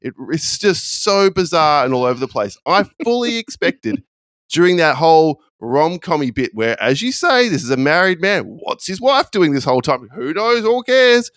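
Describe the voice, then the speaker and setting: A man's voice: a little high, normal speed, hardly any pauses, no echo. A man, a blunt, sardonic film critic co-hosting a casual podcast. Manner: sardonic, animated, blunt and profane.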